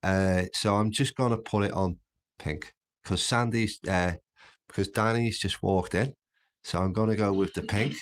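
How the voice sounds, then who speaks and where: On his home livestream, a Birkenhead man with a Scouse-like Merseyside accent chats casually and rambles, easily getting sidetracked. His voice is lowish, his intonation fairly even, and his speed normal.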